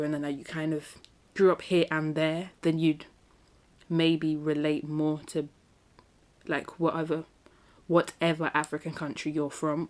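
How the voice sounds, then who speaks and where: A woman's voice: sits low, darkish tone. A young woman from England hosting a solo podcast, talking in a reflective, chatty way with lots of fillers. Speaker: podcast host. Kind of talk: casual solo podcast talk.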